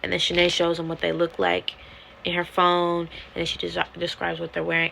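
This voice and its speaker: A woman casually retelling a webtoon plot to her viewers, animated and swearing freely, acting out the characters' lines. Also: fairly low pitch, fairly quick, vocal fry, a little hiss or hum, rough recording. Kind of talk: casual storytime rant.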